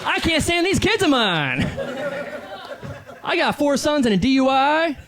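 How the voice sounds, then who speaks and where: A man playing a brash, loud middle-aged hack comedian who pumps up the crowd with cheesy punchlines, live on stage before a laughing audience. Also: very high voice, big pitch swings, unhurried, over loud music, pitched above the performer's own voice, heavily acted.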